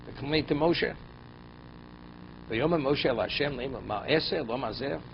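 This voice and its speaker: A man's voice: mid-range voice, normal speed, vocal fry. A man teaching a Torah class as a rabbi, who reads verses and explains them in English with pointed rhetorical questions. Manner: voice rises and drops sharply for emphasis. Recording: dull lo-fi recording, faint noise.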